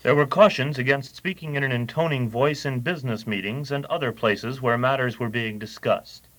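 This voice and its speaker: A man giving a measured, scripted explanatory narration. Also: mid-range voice, fairly bright tone, poor audio.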